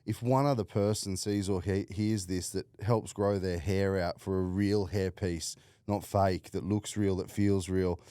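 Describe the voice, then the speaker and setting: A man's voice: deep voice, steady tone, measured pace, dark tone, clean tone, no room sound, clean studio sound. A man hosting a casual podcast interview, blunt, swearing freely and laughing a lot. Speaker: podcast host.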